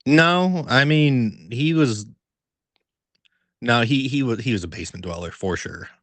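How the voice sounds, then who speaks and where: A man co-hosting a podcast, telling a story in a casual, animated way, swearing a lot and filling it with "like". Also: mid-range voice, measured pace, no echo. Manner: animated, profanity-heavy storytelling with many fillers; laughs while telling the story. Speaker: podcast co-host. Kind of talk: casual chat.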